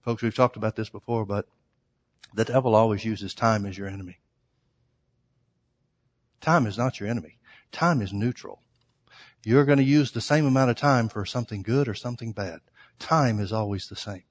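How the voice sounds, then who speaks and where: A man's voice: on the low side, normal speed, long pauses. A man preaching a sermon, telling a story earnestly and addressing his listeners as folks. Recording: long hall reverb.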